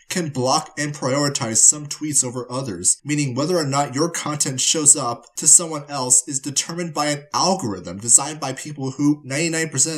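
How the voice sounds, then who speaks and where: A man hosts a commentary vlog, his voice hoarse from a cold. He speaks a touch higher than most men and leans into sarcastic, dramatic phrasing. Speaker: commentary vlogger.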